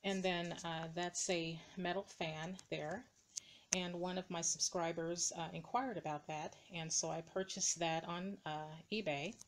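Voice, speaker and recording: Woman, very low voice, casual hobby walkthrough, halting with fillers, camera mic, light hiss. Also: fairly even intonation. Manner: slow and hesitant, many ums and uhs. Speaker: dollhouse hobbyist showing her builds. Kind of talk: casual show-and-tell narration. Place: indoors beside a dollhouse, camera moved by hand.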